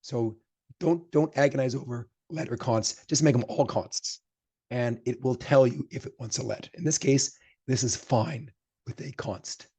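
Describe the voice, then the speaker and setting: A man leads a programming lecture, coding live and talking through each step as he types. His voice is husky and mellow, at an ordinary middle pitch. He grows emphatic when he hands out advice. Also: measured pace. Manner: chatty, thinks aloud while typing code. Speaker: programming instructor.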